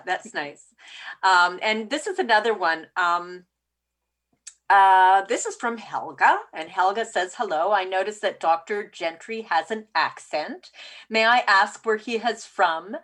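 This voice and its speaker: A woman's voice: medium pitch, fairly bright tone. A woman with a Canadian accent hosting a casual interview, talking in a rambling way. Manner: rambling, lots of fillers. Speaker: podcast host.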